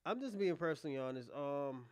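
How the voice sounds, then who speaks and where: Guy streaming and going off at his chat, swearing a lot, kinda high voice, dry close mic. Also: lively intonation, a little fast, smooth, no room sound. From United States. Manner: blunt, profane, talks back to chat with loud bursts. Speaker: livestream host. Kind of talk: casual livestream commentary answering chat.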